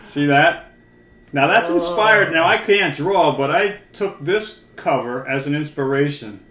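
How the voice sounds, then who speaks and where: A man's voice: fairly high pitch, lively intonation, a little slow, sharp tone. An older man co-hosting a casual chat, joking and playing the showman. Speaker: co-host. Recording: roomy room sound.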